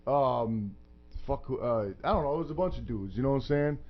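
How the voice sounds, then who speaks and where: A man's voice: medium pitch, brisk. A man joking and telling stories in a casual radio chat. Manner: joking, animated storyteller. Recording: dull lo-fi radio recording.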